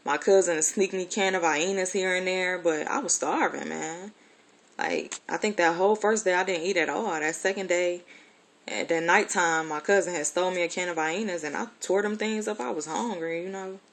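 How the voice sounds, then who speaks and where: A woman's voice: on the low side, moderate pace. A grown woman telling a personal childhood story in a casual, rambling way, candid and profane with many fillers. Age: adult.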